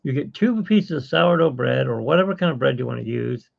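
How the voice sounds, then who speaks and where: A man's voice: mid-range voice, expressive, fairly quick, creaky. A man hosting a casual live-stream chat, rambling and self-mocking with corny jokes. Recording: dull lo-fi stream audio.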